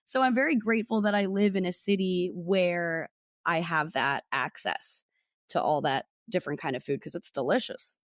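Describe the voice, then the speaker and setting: A woman's voice: lowish voice, moderate pace, dry recording, clean studio sound. A young woman from New Jersey, a food content creator talking as a podcast guest in a bubbly way, often laughing as she speaks. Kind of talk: casual interview chat.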